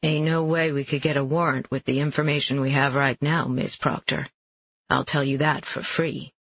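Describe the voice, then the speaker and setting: A man reading the part of a terse middle-aged male police detective with a slow, dry drawl, on a dull, dry recording. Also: medium pitch, level tone, fairly bright tone, breathy edge, dry recording.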